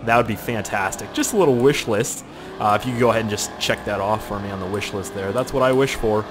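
Over background noise, a young Nova Scotian man, a gaming video host, talks fast in a lowish voice while playing a game. His casual commentary rambles, gets crude, and is full of swearing; his throat sounds irritated, and he does silly voices when quoting others.

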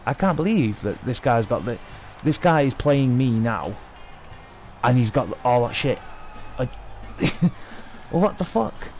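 A young man giving excitable, sweary live commentary over his own hockey video game match. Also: medium pitch, slow pace, long pauses, soft background music. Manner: sweary, excitable, talking at the screen. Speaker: gaming video host.

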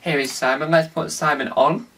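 A man's voice: on the high side, fairly even intonation, moderate pace, far from the mic, noisy background. A man hosting a casual tutorial vlog, rambling and restarting with many fillers. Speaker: video host.

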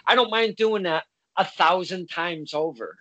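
High-voiced man hosting, hesitant. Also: unhurried, a bit bright, no room sound, dull audio. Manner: hesitant, stumbling, polite phrasing. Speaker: interview host. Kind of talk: casual interview chat.

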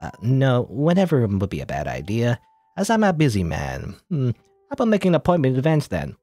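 A man's voice: medium pitch, huge pitch swings, fairly quick, mellow, dry recording, soft background music, pitched above the performer's own voice. A man voicing a chatty, nasal, nerdy male doctor in a game, talking politely and at length. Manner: talkative, polite, rambling.

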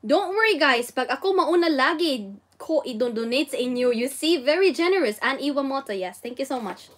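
A woman with a Filipino accent teaches Japanese on a casual livestream, reading viewer comments with a high, expressive voice at a fairly quick pace. She's bubbly, exclaims and giggles often, and switches between languages.

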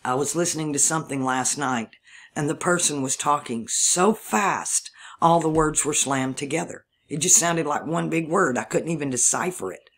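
A man's voice: on the high side, moderate pace, fairly bright tone. A man from Mississippi with a Southern drawl, talking through a rambling solo monologue, thinking aloud and spelling words out letter by letter. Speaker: video channel host.

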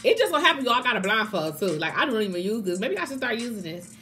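A woman chatting casually to camera as a mukbang vlogger, excitable and calling her viewers y'all. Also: medium pitch, quick pace, soft background music.

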